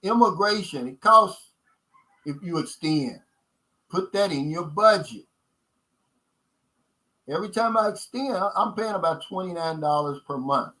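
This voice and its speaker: A man's voice: high voice, expressive, a little slow, pauses often, sharp tone, rough recording. A man with a Kentucky accent hosting a casual livestream chat, emphatic and folksy, repeating his key points and calling viewers guys. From United States. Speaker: channel host.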